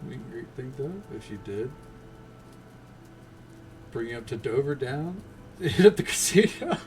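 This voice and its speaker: A man's voice: medium pitch, very animated, unhurried, darkish tone, a little hiss or hum. A man streaming a game, chatting casually and ranting bluntly with frequent swearing. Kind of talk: casual gameplay stream chat.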